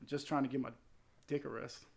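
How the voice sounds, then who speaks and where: A man telling crude stories in casual chat, animated and swearing a lot. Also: mid-range voice, brisk, gravelly, noisy background. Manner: crude, animated storytelling with acted quotes.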